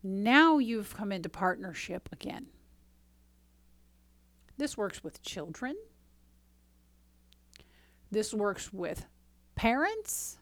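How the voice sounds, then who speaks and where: A woman's voice: mid-range voice, big pitch swings, very slow, long pauses, dry recording. A woman giving a casual teaching talk as a relationship coach, chatty and often checking in with "right?". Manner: conversational, often asks "right?"; acts out dialogue in quotes.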